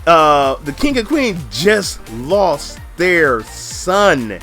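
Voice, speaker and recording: A man hosting a casual show review, jumping in excitedly and stammering over repeated words as he tries to get his point across. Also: fairly high pitch, drawn-out words, faint music behind. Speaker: channel host reviewing a show.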